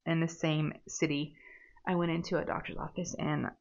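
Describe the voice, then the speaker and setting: A woman's voice: low voice, little pitch movement, moderate pace, creaky, highs cut off. A woman chatting casually while she crafts, rambling and laughing at herself. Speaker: diamond painting crafter.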